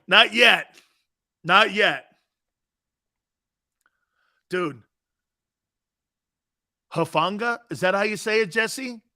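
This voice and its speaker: A man's voice: high voice, sharp tone. A man hosting a sports talk radio show, brash and emphatic, arguing his points in slangy banter full of "man" and "dude". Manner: argumentative, laughing off callers' views.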